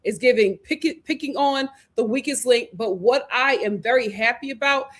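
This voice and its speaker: A woman hosting a live reality TV review in casual chat, animated, laughing and acting out what the cast said. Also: fairly high pitch, normal speed. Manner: animated, acts out cast members' lines, laughs often. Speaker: reality TV recap host.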